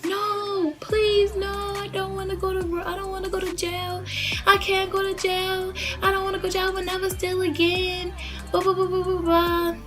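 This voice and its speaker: Woman doing a frantic teen girl, squeaky high voice, begging and whining, not wanting jail. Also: monotone, normal speed, music in the background. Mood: pleading, tearful. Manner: pleading, high and whiny.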